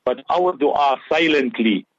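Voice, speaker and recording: A man on a radio talk show speaks a little slowly, his medium-pitched voice lively in intonation, as he offers impassioned Islamic advice. He mixes English with Urdu and Arabic phrases; the dull lo-fi audio has no echo.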